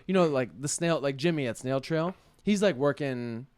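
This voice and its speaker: A man's voice: medium pitch, moderate pace, smooth, no echo. A man co-hosting a podcast in casual, jokey chat, rambling through ideas with filler words. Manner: jokey, rambling, lively intonation. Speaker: podcast co-host.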